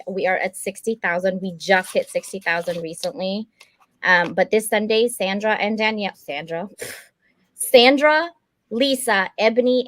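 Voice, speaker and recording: A woman's voice: medium pitch, fairly bright tone, no echo. Woman host, casual livestream chat, chatty, businesslike, dry close sound. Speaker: publisher and host.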